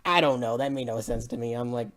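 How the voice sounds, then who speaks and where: A woman's voice: very deep voice, quick pace. A woman giving a casual spoken movie review, rambling and exasperated, laughing often between her points.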